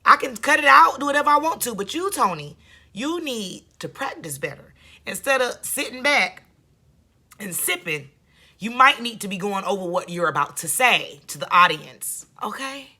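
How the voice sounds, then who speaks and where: A woman's voice: a little high, expressive, normal speed, pushed and bright. A woman giving casual reaction commentary on a video, blunt, sarcastic and scolding, often repeating herself for emphasis.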